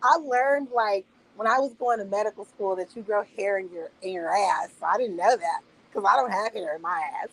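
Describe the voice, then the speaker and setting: A woman in her thirties streaming, telling casual stories in a profane, laughing, animated way. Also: medium pitch, fairly quick, vocal fry, slightly rough, rough recording. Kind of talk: casual storytelling monologue. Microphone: streaming mic.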